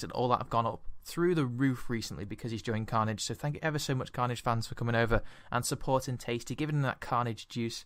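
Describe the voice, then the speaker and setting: A man's voice: mid-range voice, a bit bright, dry recording. A man with an English accent, chatting in a casual, rambling voice-over commentary over gameplay, often repeating words. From England. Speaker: gaming commentator.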